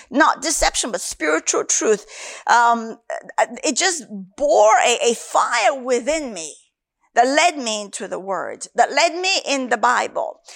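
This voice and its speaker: A woman's voice: a little high, creaky, fairly bright tone. A woman from Africa, a Christian minister, giving an earnest sermon with her personal testimony and repeating key phrases for emphasis.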